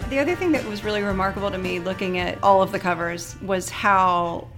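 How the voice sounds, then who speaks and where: A woman's voice: mid-range voice, brisk, over music. A woman hosting a podcast, asking questions and introducing guests, with frequent encouraging replies. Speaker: podcast host.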